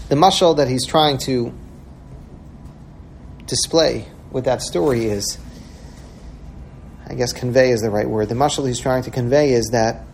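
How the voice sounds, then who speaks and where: A man's voice: mid-range voice, a little mellow, a little hiss or hum. A man giving a sermon-style talk, telling a parable with earnest feeling and acting out the voices in it. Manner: earnest storyteller, acts out quoted voices.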